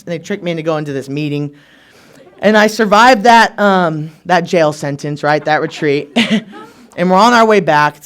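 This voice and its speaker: A man in his thirties speaks to a meeting in a fairly high register. He tells his recovery story with wry, sarcastic humor. He acts out the lines of the people around him. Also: a bit bright, smooth.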